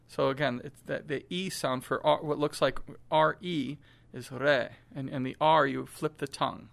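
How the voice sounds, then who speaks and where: A middle-aged man teaching children a song's diction, saying each phrase slowly and patiently for them to echo back. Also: on the high side, vocal fry, fairly bright tone. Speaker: music teacher. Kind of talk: call-and-response diction lesson.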